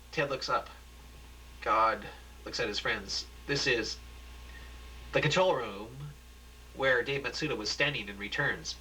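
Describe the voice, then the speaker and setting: A man narrating stage directions from a homemade script. He reads haltingly and restarts often. His voice sounds bright and tense. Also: medium pitch, slight background noise, rough recording. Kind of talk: reading a homemade script aloud.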